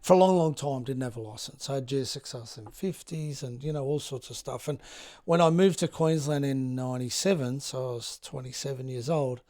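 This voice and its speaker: A man in his fifties with an Australian accent, a guest telling stories in a relaxed, halting way, full of fillers. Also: medium pitch. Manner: laid-back, many fillers and restarts, acts out others' lines. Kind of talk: casual storytelling chat.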